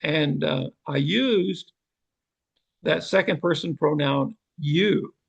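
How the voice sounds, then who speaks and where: An older man teaching a Bible seminar, explaining slowly and deliberately. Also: a little high, gravelly, husky, dull audio. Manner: slow, measured, deliberate explanation.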